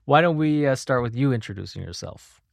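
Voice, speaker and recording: A man hosting a podcast, reading an intro and then opening the chat with an animated delivery. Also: medium pitch, a little fast, gravelly, no room sound. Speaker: podcast host.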